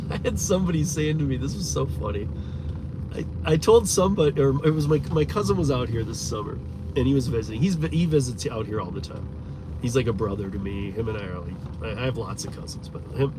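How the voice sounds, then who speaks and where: A man from Michigan, a rideshare driver, chats loosely with his stream while driving, rambling, chuckling and swearing casually. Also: medium pitch. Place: inside a moving car. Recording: steady road noise from the car.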